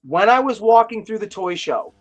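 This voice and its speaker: A man with a notably high voice hosts a toy chat live stream, rambling through his stories with eager excitement at a moderate pace. It's casual chat, with faint music playing underneath.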